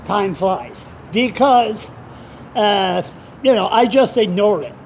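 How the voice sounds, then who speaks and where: Rambling, animated man telling a story. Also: high voice, takes it slowly, slight background noise. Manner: rambling, animated, swears freely. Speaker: blogger. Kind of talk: casual storytelling vlog.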